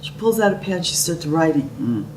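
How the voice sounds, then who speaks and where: A woman's voice: low-pitched, sing-song, moderate pace, darkish tone. A middle-aged woman telling a personal story vividly, acting out what people said. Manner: vivid storyteller who acts out the quotes. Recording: roomy, distant and noisy.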